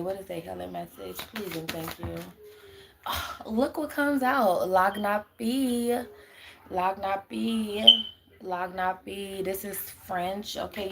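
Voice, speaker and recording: A woman's voice: fairly low pitch, gravelly, a little hiss or hum. A young adult woman on a live stream who rambles, swears and laughs often while answering her chat as a spiritual reader.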